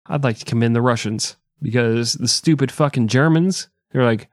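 A man's voice: mid-range voice, moderate pace, few pauses, no room sound, studio quality. Crude, joking man in casual banter. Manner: jokey, crude, swears a lot. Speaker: podcast co-host.

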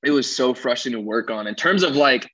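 A man's voice: mid-range voice, animated, fast, fairly bright tone, slightly rough, no echo, low-quality recording. A young man, a musician being interviewed, chatting casually in a rambling, jokey and self-deprecating way. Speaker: musician guest.

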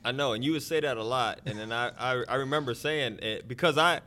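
A man's voice: medium pitch, quick pace. A man in his thirties from Ohio, telling stories in casual podcast chat and laughing often. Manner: animated storytelling, laughs often. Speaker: podcast host.

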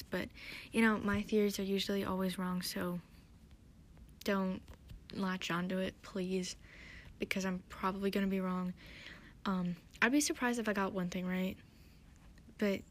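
A woman's voice: mid-range voice, a little hiss or hum. Tired woman podcaster rambling through an episode recap, hesitant and self-deprecating, keeps losing her words. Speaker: podcast host.

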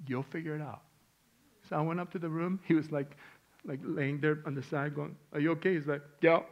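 A middle-aged male pastor with a medium-pitched voice preaches a sermon and tells a personal story, swinging sharply from hushed, quiet lines to loud, emotional ones. The high frequencies in the recording are cut off.

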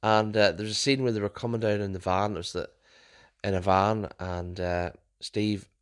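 A young man hosts his own podcast solo, his voice sitting a little low. He chats casually and rambles through stories, often restarting and correcting himself mid-sentence. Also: fairly even intonation, normal speed, clean tone. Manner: chatty storyteller, frequent restarts and self-corrections. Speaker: podcast host.

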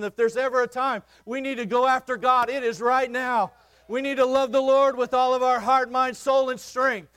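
A man preaching a sermon in a church as pastor, impassioned and repetitive, swinging from loud declarations to quiet asides. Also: extremely high pitch, smooth, dry recording.

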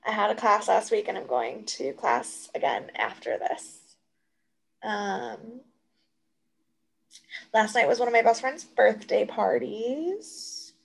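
A woman's voice: medium pitch, gravelly, low-quality recording. A young woman co-hosting a casual podcast, chatting and telling stories with lots of fillers. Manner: chatty storyteller, many fillers. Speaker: podcast co-host. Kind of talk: casual chat.

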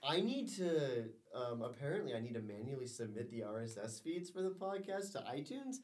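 A man's voice: medium pitch, sing-song, a little mellow, far from the mic. A man co-hosting a podcast, chatting casually and rambling through stories. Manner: rambling, halting with restarts. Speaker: podcast co-host. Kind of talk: casual chat.

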